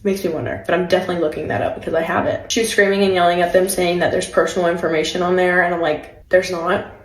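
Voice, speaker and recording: A woman's voice: on the low side, fairly even intonation, racing, reverberant, rough recording. A young woman telling a personal story in a casual vlog, chatty and laughing often, with lots of filler words.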